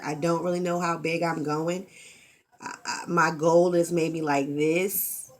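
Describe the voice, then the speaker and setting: A woman, talking candidly and expressively in a casual vlog and swearing freely, into a camera mic. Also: sits low. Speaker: vlogger.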